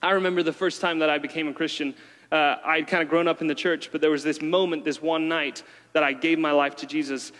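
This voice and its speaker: A man's voice: on the high side, flat delivery, fairly quick, a bit bright. A man preaching a casual, conversational sermon with many fillers. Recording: long hall reverb.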